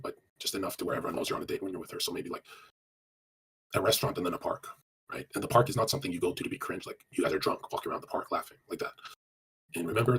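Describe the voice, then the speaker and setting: Deep-voiced and recorded with slight background noise, this man answers chat on a live stream with casual dating tips. He's crude and blunt, cursing often, and he rattles on quickly in run-on sentences full of fillers.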